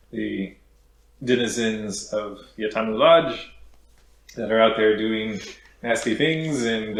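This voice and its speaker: A man of middling pitch runs a tabletop game and recaps where the heroes left off, wandering through his sentences with fillers and restarts. His voice bounces around an echoey room, with a faint hiss behind it. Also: fairly bright tone. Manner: meandering, with many fillers and restarts. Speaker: game master.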